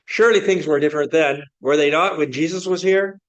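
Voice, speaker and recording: A man preaching a sermon to a congregation in a church, speaking in a measured way and building his points with repeated rhetorical questions. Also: on the high side, highs cut off. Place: church sanctuary before a congregation.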